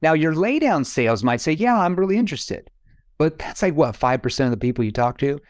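A man's voice: medium pitch, expressive, fast, dry recording. Guy breaking down sales call lines, asks himself questions, dry close mic. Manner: acts out phone calls with prospects; explanatory, asks rhetorical questions. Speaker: sales trainer. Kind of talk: sales coaching podcast talk.

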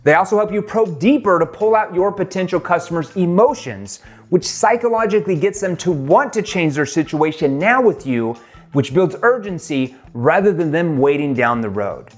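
A man's voice: sits high, expressive, normal speed, faint music behind. A middle-aged man teaching sales technique in an emphatic way, often acting out sample questions to prospects. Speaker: sales trainer. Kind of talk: sales training lesson.

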